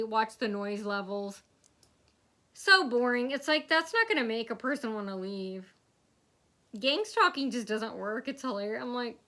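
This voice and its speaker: A young woman telling a long rambling story to camera, acting out other people's lines. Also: a little high. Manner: rambling, acts out quotes in a loud shouting voice. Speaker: vlogger. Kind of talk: casual storytelling monologue.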